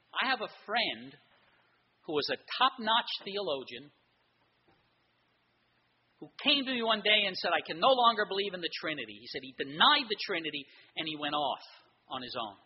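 A man's voice: on the high side, slightly rough, dull audio. A man preaching a sermon as pastor, earnest, telling quoted stories.

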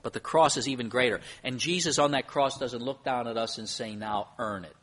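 A man's voice: medium pitch, brisk, fairly bright tone. A man preaching a sermon as pastor, earnest, with emphasis that rises and falls. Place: church.

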